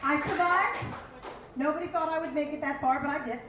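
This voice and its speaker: A brash stand-up comedian from Philadelphia, a high-voiced woman in her fifties, works a dive bar stage at a brisk clip. Her profane, punchy set is full of acted-out asides, recorded in an echoey bar room with noise in the background.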